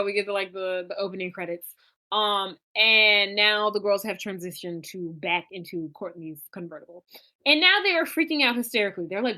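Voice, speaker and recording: Here a woman with a medium-pitched voice recaps a movie on the podcast she co-hosts, animatedly voicing character quotes as she chats. There's no echo on the recording.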